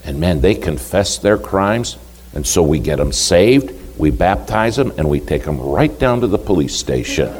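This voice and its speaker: A man's voice: low voice, big pitch swings, moderate pace, a little mellow, a little hiss or hum. A man quoting a blunt, friendly church lady. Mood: matter-of-fact. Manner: frank, folksy, teasing.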